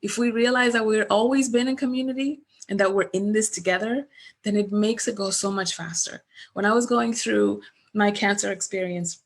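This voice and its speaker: Middle-aged woman, business coach, chatty webinar delivery on a webcam, animated storyteller. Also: medium pitch, normal speed. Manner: animated storyteller, acts out remembered dialogue. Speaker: business coach presenting at a virtual summit. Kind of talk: conversational webinar presentation.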